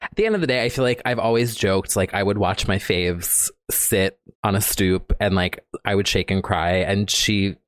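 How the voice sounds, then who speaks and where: A man co-hosting a podcast in casual chat, giggly and gushing, with quick asides. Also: fairly low pitch, no echo. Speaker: podcast co-host.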